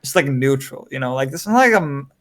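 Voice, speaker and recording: A man's voice: mid-range voice, expressive, fast talker, fairly bright tone. A man hosting a podcast in a casual chat, rambling and filling his talk with "like" and "right?". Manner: rambling, heavy use of "like" and "right?". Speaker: podcast host. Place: lives in Korea.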